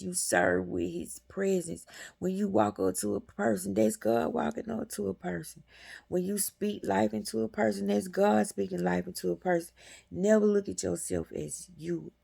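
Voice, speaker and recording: A woman's voice: mid-range voice, creaky, darkish tone. A woman hosting a metaphysics channel, giving a casual, colloquial spiritual talk and calling her viewers y'all.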